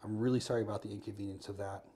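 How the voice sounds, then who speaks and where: An American man telling a story in an interview, earnest and quick, acting out the lines of the people in it. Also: fairly low pitch, fairly even intonation, mellow, a little hiss or hum. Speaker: podcast guest.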